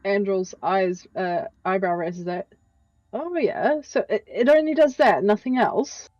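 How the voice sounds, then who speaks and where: A woman playing a tabletop game, haltingly voicing her character as she haggles. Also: medium pitch, darkish tone, no echo, lo-fi sound. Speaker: player.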